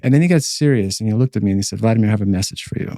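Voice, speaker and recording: A man's voice: on the low side, very fast, dark tone, no echo, clean studio sound. A man co-hosting a podcast, recounting a personal dream as a testimony in a rambling way, full of fillers and restarts. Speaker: podcast co-host.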